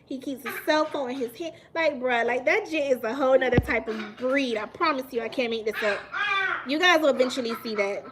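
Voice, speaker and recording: High-voiced animated woman. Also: brisk, background noise. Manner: animated, emphatic, laughs often, repeats for emphasis. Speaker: mukbang livestream host. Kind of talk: casual live-stream chat with viewers.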